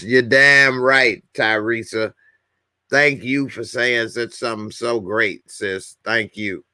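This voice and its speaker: A man's voice: medium pitch, fairly even intonation, slow, pushed and bright, no room sound, clean studio sound. A man hosting a casual livestream, bluntly commenting and reading viewers' comments aloud. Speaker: livestream host.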